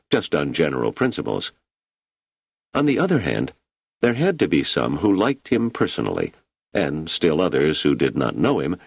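A male audiobook narrator with a very low, gravelly voice reads the story in a steady, measured way. His pitch moves widely, and the tone is husky. The close recording is dry, with no room echo. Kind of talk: scripted narration.

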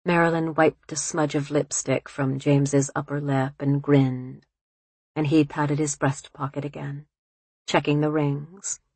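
Low-voiced woman reading slowly. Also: slightly rough, no echo. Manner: measured, even reading. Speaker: narrator. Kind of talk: audiobook narration.

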